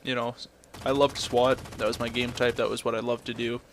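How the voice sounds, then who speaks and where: A man's voice: medium pitch, flat delivery, fairly quick, slight background noise. A young man ranting in a blunt, profane way, telling a story and then commenting on his game footage. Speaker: gameplay commentator.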